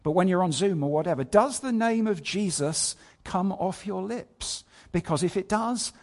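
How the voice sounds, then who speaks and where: A man's voice: sits high, expressive, moderate pace. A man preaching a sermon, telling a scripture story, reading verses aloud and asking his listeners rhetorical questions. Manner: asks many rhetorical questions.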